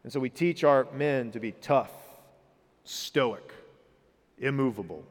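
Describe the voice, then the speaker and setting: A pastor in his thirties delivers a sermon in a slow, mid-range voice, recorded in a reverberant hall. He is earnest, and his emphasis rises as he retells the story.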